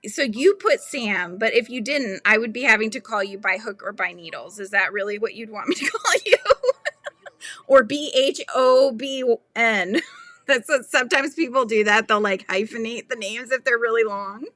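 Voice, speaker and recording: A woman's voice: a little high, normal speed, a bit bright, no room sound. A woman hosting a casual live stream, chatting and giggling as she reads viewer comments aloud. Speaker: livestream host chatting with viewers. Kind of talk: casual live-stream chat while crocheting.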